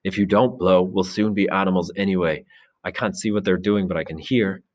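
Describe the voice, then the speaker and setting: A man's voice: sits low, steady tone, brisk, a little mellow, natural voice. A man reading aloud, voicing an earnest, troubled boy who was chosen chief. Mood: uneasy.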